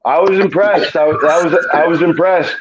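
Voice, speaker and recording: A man's voice: fairly high pitch, steady tone, moderate pace, background noise. A man, a fighter, chatting in a laid-back, rambling way and laughing often. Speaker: bare-knuckle fighter. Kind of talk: casual interview chat. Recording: dull lo-fi audio.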